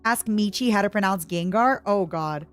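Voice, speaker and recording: A young woman from Canada chatting casually on a livestream, giggly and given to high squeals and snatches of song. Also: moderate pace, faint music behind. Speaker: streamer.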